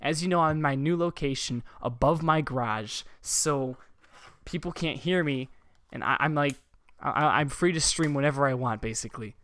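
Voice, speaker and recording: A man's voice: fairly high pitch, normal speed, fairly bright tone. Swearing young guy, rambling. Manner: rambling storytelling with heavy swearing. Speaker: podcast host. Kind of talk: casual podcast chat. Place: room above a garage.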